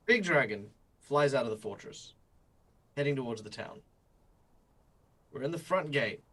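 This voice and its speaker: A man chats as a player in a tabletop game, animated and full of quick asides. His voice is bright and forceful, at a middle pitch. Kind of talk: casual chat during tabletop game.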